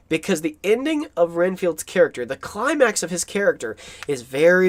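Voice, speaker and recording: A man giving an enthusiastic, rambling film-analysis commentary over clips, often correcting himself mid-sentence. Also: on the high side.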